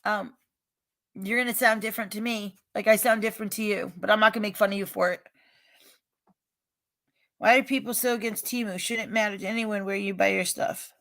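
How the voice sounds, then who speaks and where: A woman with a regional American accent, rambling and emphatic as she talks straight to her livestream chat, getting loud when she is upset. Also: medium pitch, fairly even intonation, a little fast, vocal fry, pauses often. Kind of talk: casual chat, defensive and venting.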